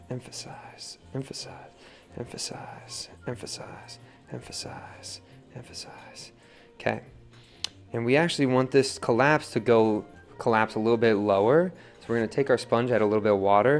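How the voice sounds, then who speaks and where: A young man casually teaching wheel throwing, coaching in a relaxed way and often checking in with "right?". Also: fairly low pitch. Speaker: pottery teacher.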